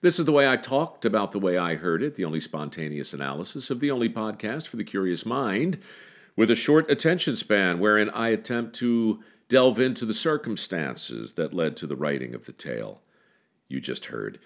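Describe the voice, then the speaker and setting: A man with a very deep voice hosts a storytelling podcast, telling a tale with dramatic pauses and a wry tone. His delivery swings widely in pitch, rising and falling for emphasis. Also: very animated. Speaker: podcast host. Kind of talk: storytelling narration then casual talk.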